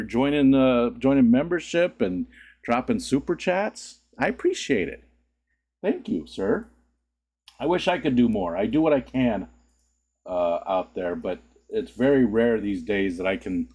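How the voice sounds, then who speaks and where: Chatty man with a lively voice. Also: unhurried. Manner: rambling, greets chat, sudden squeaky voice cracks and laughs. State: just woke up. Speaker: livestream host. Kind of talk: casual livestream chat.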